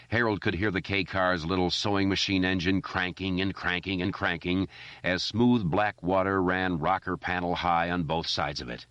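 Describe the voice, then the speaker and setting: Man, audiobook narrator, very deep voice, dry muffled recording. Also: a bit bright, no room sound.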